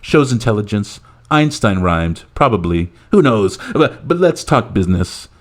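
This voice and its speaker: A man doing a comic impression of a boastful, rambling male president, who talks loudly and piles on superlatives. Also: lowish voice, big pitch swings, a little slow. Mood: bragging. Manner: loud bragging, repetitive superlatives. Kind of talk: comic impression in a podcast skit.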